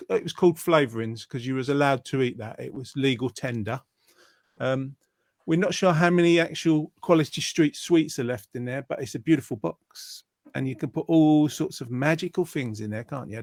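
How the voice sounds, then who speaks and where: A man's voice: fairly high pitch, dry recording, studio quality. A man in his fifties hosting an online quiz in casual chat, joking and rambling with silly asides. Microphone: online video call.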